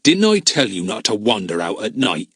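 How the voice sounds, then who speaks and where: A man's voice: lowish voice, sing-song, a bit bright, breathy edge, no echo, studio quality, full character voice. A man doing a cruel, growling brute. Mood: menacing. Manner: growling, slow menacing drawl. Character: threatening burly grown man, cruel and spiteful.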